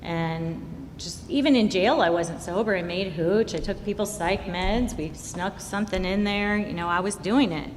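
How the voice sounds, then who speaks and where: A woman's voice: normal speed, hardly any pauses. A woman sharing her recovery story at a meeting, telling it candidly and acting out the voices of the people in it. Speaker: recovery speaker. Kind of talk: personal recovery share at a meeting. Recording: hall reverb, faint rumble.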